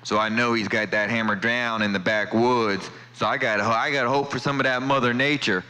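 A man's voice: mid-range voice, fairly even intonation, moderate pace, sharp tone, clear, resonant tone, rough recording. A man chatting on CB radio from his home station, friendly and repeating his call sign and sign-offs. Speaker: CB radio operator. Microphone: CB radio microphone.

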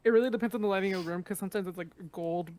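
A woman's voice: mid-range voice, rapid-fire, a little mellow. Female co-host on a live stream, teasing and upbeat, faint background noise. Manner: reading out chat and subs, teasing.

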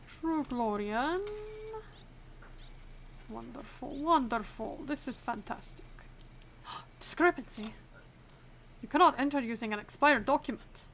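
A woman's voice: on the high side, gravelly, a bit bright, slight background noise, exaggerated voice. A young woman gaming host playing a formal, clipped woman border inspector in a put-on mock foreign accent. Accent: put-on mock accent from the game's fictional country. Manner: formal, clipped officious phrasing. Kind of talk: playing a game in character.

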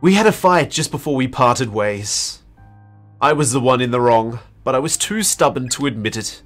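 A man's voice: mid-range voice, fairly bright tone. A man reading aloud as a distraught teenage schoolgirl, in an emotional, tearful way. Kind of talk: dramatic reading of a game.

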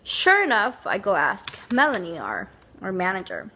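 A woman's voice: medium pitch, wildly swooping pitch, normal speed, sharp tone, a little hiss or hum. A young woman chatting casually to camera, telling a rambling story with lots of fillers. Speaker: vlogger.

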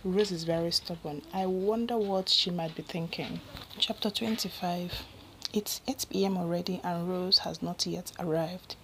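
A Nigerian woman narrating a romance story in a plain, steady reading voice. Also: on the low side, slight background noise, rough recording.

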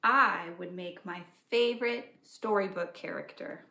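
A woman librarian reading aloud at a preschool storytime, animated, gently asking children questions. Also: medium pitch, unhurried, vocal fry. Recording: echoey room.

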